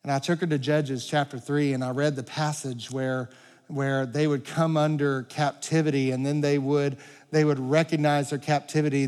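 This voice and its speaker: A man preaching a sermon as pastor, earnest, swelling louder and dropping to quiet emphasis, in a church sanctuary. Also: on the high side. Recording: long reverb of a large hall.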